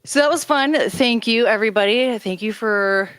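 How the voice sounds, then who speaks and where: A woman's voice: a little high, moderate pace, a bit bright, clear, resonant tone, dry recording. A woman hosting a casual livestream chat, rambling and swearing offhandedly as she talks into a handheld karaoke microphone. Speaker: livestream host.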